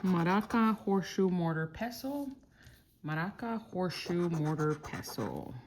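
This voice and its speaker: A woman from Texas calmly murmuring through lottery scratch-off tickets, slowly listing each symbol as she checks. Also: fairly low pitch, slight background noise. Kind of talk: calm scratch-off play-by-play.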